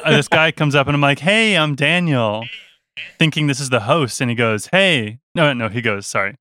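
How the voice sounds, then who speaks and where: Young guy, bright clear voice, dry close sound, telling a story with lots of laughs and little voices. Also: medium pitch, fast, no room sound. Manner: animated, laughing, quotes people in voices. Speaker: touring musician guest. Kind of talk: casual storytelling.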